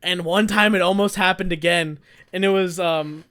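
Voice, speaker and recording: A young adult podcast co-host telling a rambling, animated story in casual chat, often laughing. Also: medium pitch, normal speed.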